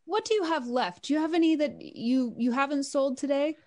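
A woman's voice: high voice, brisk, darkish tone. A woman player speaking in character as a gracious noble in a tabletop game. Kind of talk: in-character tabletop role-play.

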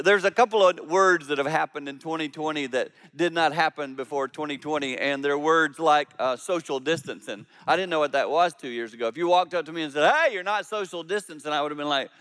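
High-voiced pastor preaching in a reverberant hall. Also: male voice. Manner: animated storytelling, swings between loud emphasis and quiet low asides. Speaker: lead pastor. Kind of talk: sermon.

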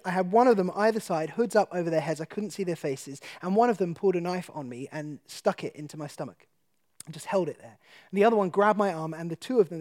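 A man tells a personal story of faith to an audience, lively and laughing often, then hushed in the tense parts. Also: sits high. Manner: animated storyteller who laughs often and drops to a hush for tense moments. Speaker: guest speaker. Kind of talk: personal testimony told to an audience.

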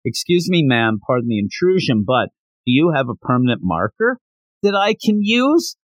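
A man's voice: medium pitch, sing-song, normal speed, no echo, close to an everyday voice. A man voicing a sneaky young boy martial-arts student who is overexcited and pleading. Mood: polite.

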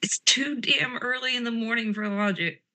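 A woman playing a tabletop role-play game speaks in character, trading petulant, sarcastic banter and describing what her character does. Her fairly high voice is pushed and bright, at a moderate pace.

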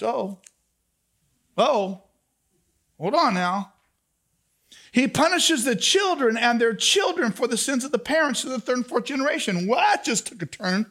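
A man preaching a sermon to a congregation, moving from soft asides to shouted emphasis and calling out questions to the room. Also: very high-pitched, sing-song, a little slow, long pauses. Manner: talks back and forth with the congregation. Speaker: pastor.

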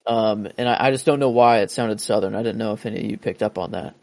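A man's voice: lowish voice, fast talker, gravelly, darkish tone, dry recording. A man co-hosting a podcast, telling about a film scene in a rambling, hesitant way. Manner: rambling, hesitant, many fillers. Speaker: podcast co-host. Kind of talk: casual movie discussion.

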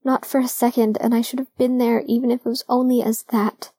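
A woman doing a choked-up young guy, husky and kinda flat, dark dry voice. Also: high-pitched, moderate pace, no room sound, voice pushed up. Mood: anguished. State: hoarse, crying. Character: young man, Logan, emotional, fierce.

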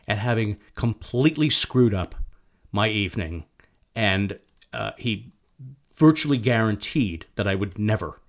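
A middle-aged man telling a personal story, often stumbling and repeating words as he goes. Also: deep voice. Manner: halting, repeats and restarts words.

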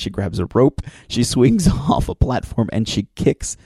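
A man's voice: mid-range voice, very animated, a little slow, mellow, husky, no room sound, studio quality. A man casually recapping a TV episode for his listeners, retelling it with enthusiasm, rambling and restarting as he goes. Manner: enthusiastic storyteller, acts out quoted lines.

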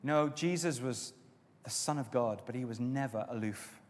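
A man preaching a sermon as pastor, with stretches of loud, emphatic exhortation and softer prayer. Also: mid-range voice, moderate pace. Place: church auditorium. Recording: long reverb of a church hall.

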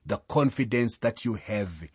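Slow, husky-voiced male preacher. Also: lowish voice, lively intonation, no echo. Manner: slow, measured, reads scripture aloud then explains. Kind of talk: sermon.

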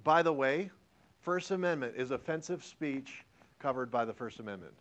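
A man's voice: medium pitch, normal speed, muffled recording. A male history teacher lecturing a classroom, joking around and quizzing his students as he goes. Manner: animated, joking, and asks the class questions.

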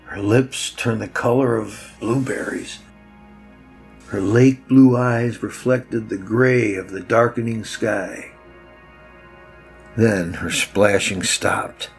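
A man narrating a story with a measured, reflective telling. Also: fairly low pitch, fairly even intonation, gravelly, soft background music, low-quality recording.

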